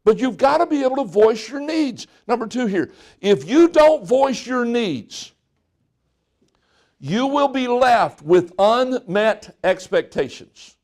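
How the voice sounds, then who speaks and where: A man's voice: very high voice, expressive, slow, darkish tone. A middle-aged male pastor preaching a folksy sermon, joking and acting out what people say.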